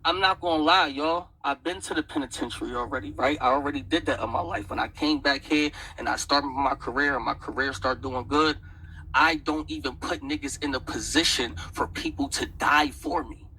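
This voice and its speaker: A man's voice: mid-range voice, moderate pace, sharp tone, a little hiss or hum, low-quality recording. A man heatedly retelling an argument, repeating "I said" as he goes. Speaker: battle rap league owner. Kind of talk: heated storytelling in an interview.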